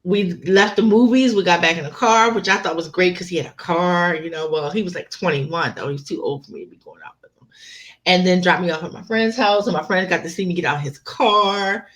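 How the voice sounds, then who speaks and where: A woman telling personal stories in casual chat, animated and laughing often, swearing freely. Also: fairly low pitch, a little fast.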